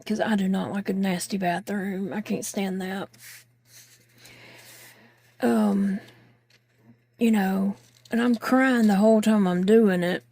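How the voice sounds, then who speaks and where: A woman's voice: mid-range voice, steady tone, slow pace, pauses often, warm tone, no room sound. A woman vlogging while crafting, chatting candidly and rambling with fillers, sounding tired and short of breath. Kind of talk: casual chat while crafting.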